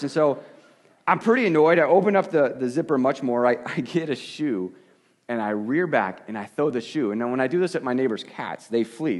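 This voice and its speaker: A man's voice: mid-range voice, expressive, fairly quick, a little mellow. A middle-aged male pastor preaching, telling a self-deprecating story with frequent restarts and stammered repeats. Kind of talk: sermon with personal story.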